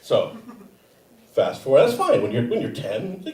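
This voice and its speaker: A man doing a stand-up comedy set on a theater stage, animated and acting out other people's voices. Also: high voice, moderate pace, recorded from a distance. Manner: animated, acts out voices of relatives and fantasy women. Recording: echoey theater, mic heard from afar.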